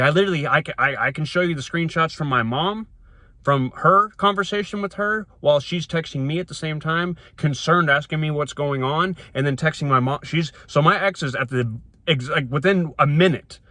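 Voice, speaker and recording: A man's voice: a little high, moderate pace, bright, forceful tone, no room sound. A man telling a personal story to a phone camera from inside his car, rambling and emphatic, with frequent restarts. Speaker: vlogger.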